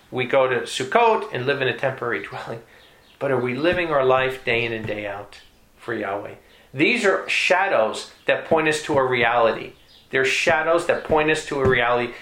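A man preaching a sermon with emphasis, repeating key phrases and climbing in pitch to stress a point. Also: a bit bright. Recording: echoey room.

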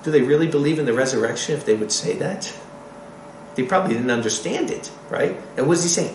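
A man preaching a sermon in an animated way, acting out the quotes he reads. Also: mid-range voice, quick pace, echoey room, a little hiss or hum, rough recording.

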